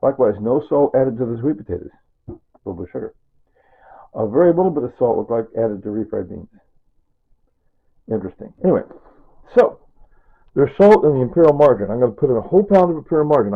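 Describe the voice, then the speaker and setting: An older man in his sixties talks through a cooking demonstration in a chatty, wandering way, full of asides. His voice is husky. The sound is thin and tinny, like a phone line. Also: medium pitch, expressive, fast talker, pauses often. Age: 60s. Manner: rambling and chatty, with asides and chuckles. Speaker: home cooking vlogger.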